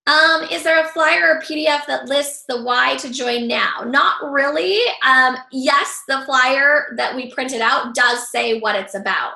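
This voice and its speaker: Upbeat woman with a bright, gravelly voice. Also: high voice, unhurried, hardly any pauses. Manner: upbeat, encouraging, loose with fillers. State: slightly losing her voice. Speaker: group leader running a training call. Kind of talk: online training call. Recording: echoey room.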